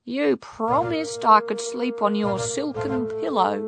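A woman's voice: a little high, slow, voice pushed up. A woman doing a wheedling talking frog. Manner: wheedling, then croaking. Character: pleading, sly talking frog, male. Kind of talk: storybook reading. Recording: music playing behind.

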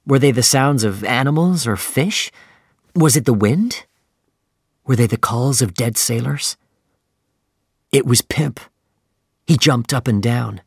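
A man reading a story aloud in the first person with steady scripted narration. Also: medium pitch, unhurried, slightly rough, no room sound, clean studio sound. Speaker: audiobook narrator.

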